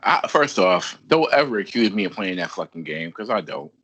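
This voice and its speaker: A man's voice: deep voice, big pitch swings, moderate pace, a bit bright, husky. A man co-hosting a wrestling podcast, talking in casual, slangy, joking banter. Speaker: podcast co-host.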